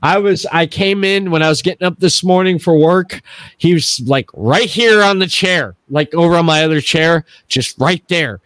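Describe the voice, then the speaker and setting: Middle-aged podcast host guy, animated storyteller, dry room. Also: on the high side, normal speed, dry recording. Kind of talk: casual podcast chat.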